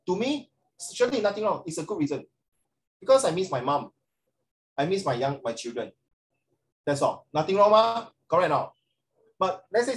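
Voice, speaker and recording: A middle-aged Singaporean man gives a chatty social studies lecture in a classroom, sprinkling in plenty of rhetorical tag questions. His voice sits high, and the recording quality is low.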